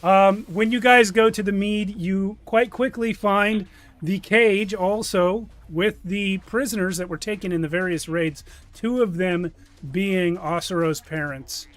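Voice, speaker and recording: A man's voice: high voice, fairly even intonation, a little slow, fairly bright tone. A man narrating a tabletop game as game master, with loose, rambling delivery.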